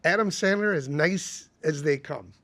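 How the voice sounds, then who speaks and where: A man's voice: a little high, expressive, a little slow, a bit bright. A man who is a golf coach, a guest on a podcast, telling easygoing anecdotes. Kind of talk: casual podcast chat.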